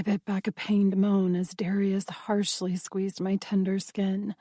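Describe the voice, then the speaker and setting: Slow, mellow female audiobook narrator. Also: medium pitch, level tone, no echo, studio quality. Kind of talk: first-person audiobook narration.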